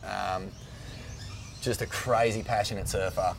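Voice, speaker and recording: A middle-aged Australian man with a lowish voice, spinning surf stories in an excited, rambling way full of fillers. There is a faint hiss under the recording of this casual podcast chat. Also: measured pace, gravelly. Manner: animated storyteller, rambling with fillers. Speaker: guest, surf magazine editor.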